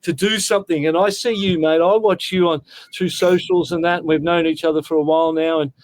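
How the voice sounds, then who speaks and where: A man's voice: a little high, steady tone, fairly quick. A sixty-year-old Australian man telling stories in a casual interview, talking in an earnest, heartfelt way and often calling the listener mate. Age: 60s. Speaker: guest.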